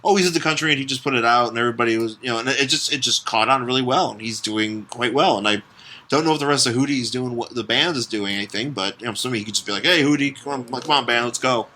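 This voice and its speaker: A man's voice: medium pitch, racing, pushed and bright. A man co-hosting a comics podcast, talking casually and animatedly, swearing, laughing and acting out silly voices. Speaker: podcast co-host. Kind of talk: casual chat about comics.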